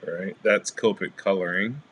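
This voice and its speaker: A man's voice: sits low, normal speed, a little hiss or hum. A man hosting a casual crafting livestream, chatting with viewers and greeting them by name as he shows his cards. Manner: relaxed, rambling with fillers.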